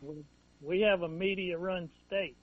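A man calling in who cracks dry, deadpan quips. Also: sits high, unhurried, dry recording. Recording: tinny phone line.

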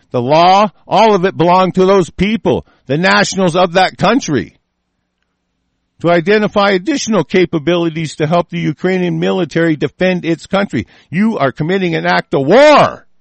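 In this solo rant on the news, a male political commentator is furious and swears heavily throughout. His voice is fairly high and gravelly, captured with no echo.

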